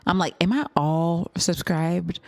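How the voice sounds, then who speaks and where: A young woman streaming a live music reaction, gushing and excitable, at times dropping into awed whispers. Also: mid-range voice, no echo.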